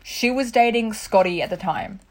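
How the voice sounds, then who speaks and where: A woman's voice: medium pitch, lively intonation. A young woman co-hosting a podcast, chatting casually and rambling, with lots of "like" and swearing. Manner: rapid, rambling, full of "like" and swearing. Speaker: podcast co-host. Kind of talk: casual chat.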